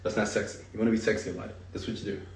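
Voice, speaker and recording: A man teaching a live seminar, talking straight to the audience in an animated, hype-driven way. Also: lowish voice, racing, reverberant, recorded from a distance. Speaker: speaker teaching an online marketing seminar.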